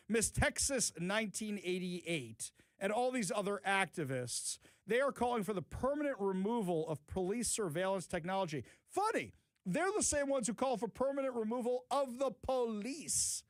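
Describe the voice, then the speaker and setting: A man's voice: high voice, no room sound. A man hosting a talk show, giving opinionated commentary with sarcastic, mocking asides. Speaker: talk radio host. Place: radio studio.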